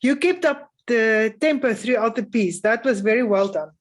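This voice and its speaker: A woman adjudicating a music festival, giving calm, encouraging spoken feedback to young string players with frequent "um" pauses. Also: on the high side.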